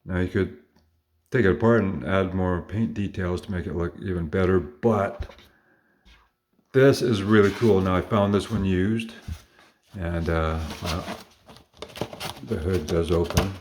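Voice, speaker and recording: Deep-voiced man, cheerful collector chatter. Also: a little slow, pauses often, darkish tone, slight background noise. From Canada. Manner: enthusiastic, rambling with fillers and self-corrections. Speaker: collector showing model cars. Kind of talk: casual show-and-tell.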